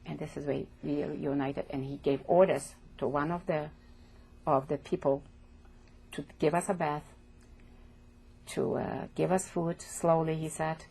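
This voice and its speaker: An older woman from Poland giving oral history testimony as an interviewee, speaking haltingly and repeating words as she goes. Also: low voice, steady tone, warm tone. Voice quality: gravelly, husky.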